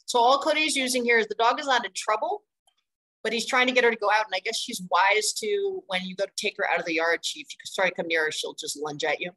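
A middle-aged woman presenting a training webinar on dog playgroups, talking in an energetic, chatty way and stressing her points with repeated words. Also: medium pitch, fast, low-quality recording. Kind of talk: instructional webinar talk.

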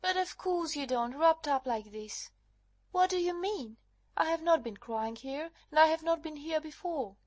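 A man's voice: extremely high pitch, animated, no room sound, pitched above the performer's own voice. A man voicing an anxious young woman who is lost at night and begging for help, in an audiobook reading. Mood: bewildered. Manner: pleading, hurried. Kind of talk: audiobook character voice.

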